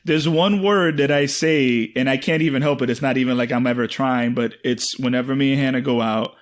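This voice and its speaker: A man's voice: medium pitch, fairly quick. A man co-hosting a podcast in casual chat, rambling and poking fun at himself. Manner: rambling, self-mocking, many fillers. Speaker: podcast co-host.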